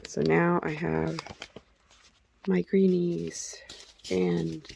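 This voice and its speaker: A woman's voice: fairly low pitch, flat delivery, extremely slow, creaky, darkish tone. Middle-aged woman vlogging at home, chatty and rambly, noisy recording. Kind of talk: casual vlog chat. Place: home, indoors.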